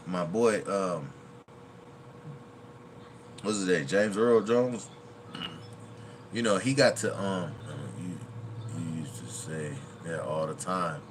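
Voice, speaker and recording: A man's voice: on the low side, fairly bright tone, a little hiss or hum. A man hosting a reaction video in a chatty, casual way, laughing often and quoting movie lines.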